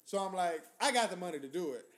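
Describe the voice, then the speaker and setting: A man's voice: high voice, lively intonation, fast, a bit bright. A man hosting a podcast, telling loose, profane stories in casual chat. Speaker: podcast host.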